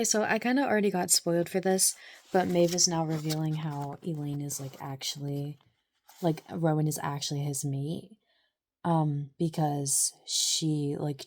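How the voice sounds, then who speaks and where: A woman's voice: low voice, mellow. A young woman vlogging her reactions to a book, chatty and full of "like", with gushing exclamations. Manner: chatty, fills speech with "like". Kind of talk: casual reading-reaction vlog.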